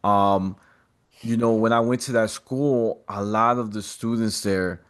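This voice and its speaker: A man with a somewhat low voice, a podcast guest speaking in casual conversation. He tells his stories with animation and street slang. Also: steady tone, unhurried, clean tone.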